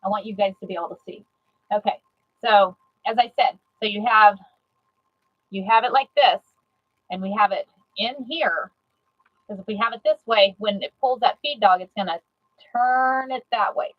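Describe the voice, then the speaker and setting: A woman giving a live sewing demonstration, chatty and excitable, repeating herself and greeting viewers. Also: mid-range voice, moderate pace, pauses often, muffled recording. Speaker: sewing instructor.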